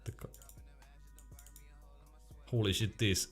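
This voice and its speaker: A man's voice: takes it slowly, faint music behind. A young man streaming casually, reading chat questions aloud in a laid-back way and laughing often.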